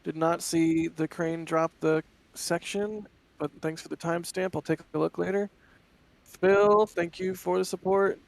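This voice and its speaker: A man co-hosting live stream commentary and reading viewer messages in a quick, conversational way. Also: high-pitched, fairly even intonation, gravelly, no room sound.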